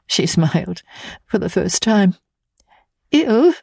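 A woman reads a classic novel aloud in the first person, grave and measured. Her delivery is slow, and the sound is close and dry. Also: medium pitch, a little mellow, husky, dry recording. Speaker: audiobook narrator. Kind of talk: scripted narration of a classic novel.

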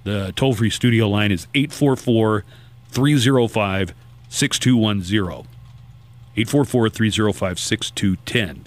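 A man's voice: on the low side, unhurried. A man hosting a call-in radio talk show, chatting casually and rambling through a list.

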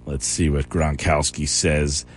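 A man's voice: rumbling low, flat delivery, measured pace, breathy edge. A man hosting a sports radio show, chatting casually with a co-host and laughing often.

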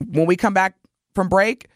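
A woman co-hosting a morning radio show, telling a story in lively chat and acting out the voices of the people in it. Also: medium pitch, normal speed, no echo, clean studio sound. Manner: animated, acts out voices while telling a story. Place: radio studio.

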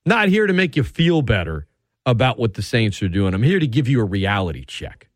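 A man hosting sports talk radio from a studio, ranting with heated sarcasm and sharp emphasis. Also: mid-range voice, sing-song, fairly quick, dry recording.

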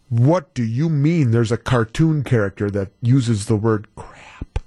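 Animated radio host, lively pitch. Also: male voice, unhurried, few pauses, dry recording, clean studio sound. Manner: animated, rambling, reads listener texts. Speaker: radio talk show host. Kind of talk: casual radio banter.

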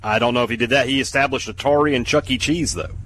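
A man's voice: medium pitch, quick pace, fairly bright tone. Male sports radio co-host on a remote line, casual and rambling, faint background noise.

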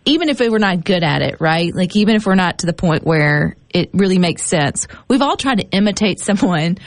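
A woman's voice: lowish voice, lively intonation, brisk, no echo. A woman hosting an interview in an upbeat, encouraging, somewhat rambling way. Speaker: host.

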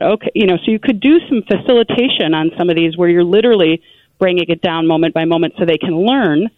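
Woman, parenting guest, animated, earnest, phone-like audio. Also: fairly low pitch, fast, no echo. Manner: earnest, animated, many "you know" asides. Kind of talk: conversational advice. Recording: tinny phone-like line.

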